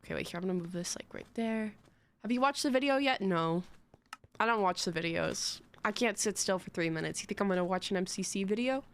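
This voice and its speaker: A woman's voice: medium pitch, a little fast. A young woman streaming live, chatting in a rambling, giggly, self-mocking way to her chat.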